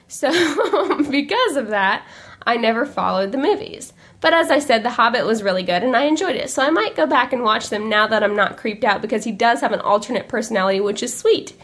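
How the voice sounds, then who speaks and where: Congested chatty woman podcaster. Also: a little high. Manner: chatty, rambling and upbeat. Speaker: podcast host. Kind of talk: casual chat.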